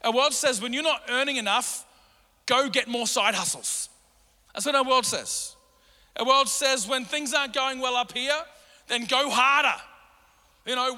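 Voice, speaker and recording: A man preaches in a church hall, his tone very bright and sharp, his voice pitched high for a man. The sound carries a long hall reverb. He drives each point home with rising, repeated commands. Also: normal speed, pauses often. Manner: energetic, builds to emphatic repeated commands. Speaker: pastor. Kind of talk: sermon.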